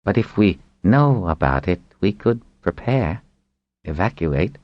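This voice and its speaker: A man's voice: low-pitched, sing-song, a little slow, dry recording, lo-fi sound, pitched above the performer's own voice. A man voicing an anxious male scientist who earnestly warns of a coming disaster in an audiobook. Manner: earnest, hasty.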